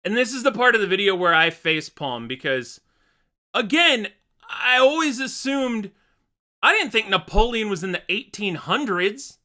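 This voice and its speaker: Bright, high-voiced young man reacting casually. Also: big pitch swings, moderate pace. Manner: rambling, self-deprecating, thinks aloud with restarts. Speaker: reaction video host.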